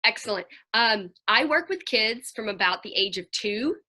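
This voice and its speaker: Talking to a group of parents in her role as a Christian counselor, this middle-aged woman is earnest and chatty, livening up when she repeats what children said. Her voice sits on the high side and moves at a moderate pace.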